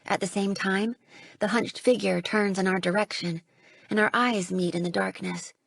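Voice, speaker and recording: Husky gravelly woman narrating. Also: medium pitch, fairly even intonation, normal speed, no echo. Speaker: audiobook narrator. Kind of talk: first-person audiobook narration.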